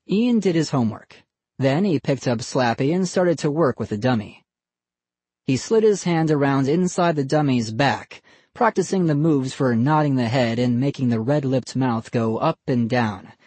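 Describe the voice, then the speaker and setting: Animated, husky audiobook narrator. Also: medium pitch, no room sound. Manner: expressive, reads every character. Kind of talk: scripted narration.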